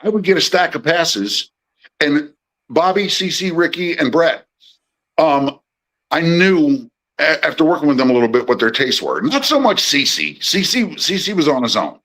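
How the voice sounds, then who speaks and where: A middle-aged man, formerly a musicians' personal assistant, chats as a podcast guest and tells extended casual stories, restarting often and voicing the quotes. His fairly high voice swings widely in pitch, moves at a normal pace, sounds a bit bright, and comes through poor audio.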